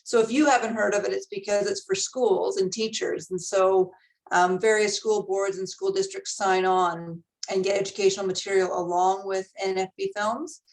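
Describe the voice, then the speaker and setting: A woman's voice: mid-range voice, steady tone, moderate pace, darkish tone, low-quality recording. A woman from a film board staff joining a video-call panel, explaining in a friendly, informative way.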